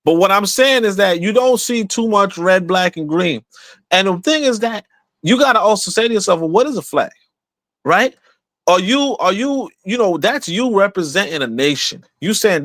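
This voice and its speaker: A man's voice: sits high, animated, normal speed, fairly bright tone, dry recording. A man hosting a livestream podcast, talking in a casual, emphatic way, repeating himself and asking rhetorical questions. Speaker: podcast host.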